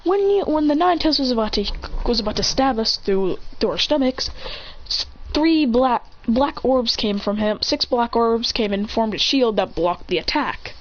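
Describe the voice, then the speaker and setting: A woman voicing a calm, caring ninja mother who explains earnestly, often restarting her words. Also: on the high side, normal speed, muffled recording, a little hiss or hum. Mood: earnest explaining.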